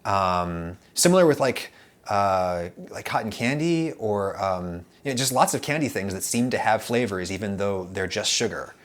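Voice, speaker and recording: A man hosting a casual food chat, rambling and animated with lots of fillers and restarts. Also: on the low side, normal speed. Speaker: food YouTube host.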